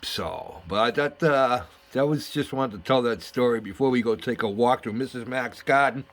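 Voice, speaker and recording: A middle-aged man hosting a model building vlog, telling a story in a chatty, excitable way with lots of fillers and restarts. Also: medium pitch, normal speed. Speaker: model building channel host.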